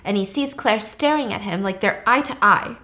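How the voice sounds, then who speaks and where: A woman's voice: medium pitch, normal speed, bright, forceful tone. A woman casually recapping a film plot in a chatty way, adding frequent asides.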